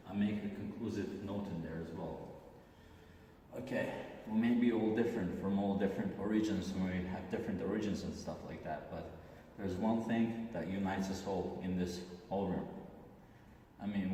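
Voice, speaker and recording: A man with an Azerbaijani accent from Aghdam reads a prepared comic monologue in a measured, deliberate way, now and then restarting a word. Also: sits low, mellow. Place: large hall indoors. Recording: echoey hall, distant mic, faint hiss.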